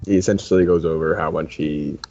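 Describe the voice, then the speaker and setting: Deep husky man joking at a game table. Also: steady tone, a little fast, a little mellow, dry recording, lo-fi sound. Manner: laughs often, joking and rambling. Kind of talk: casual chat at a role-play session.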